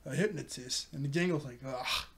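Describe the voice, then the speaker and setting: A chatty man with a slightly high voice, recapping an episode in a loose, conversational way. He laughs often as he talks. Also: moderate pace. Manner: giggly, chatty. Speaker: anime reviewer.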